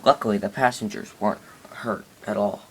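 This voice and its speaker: A man's voice: on the low side, steady tone, a little fast, breathy edge. A man improvising narration of a toy train story, rambling with many restarts and fillers.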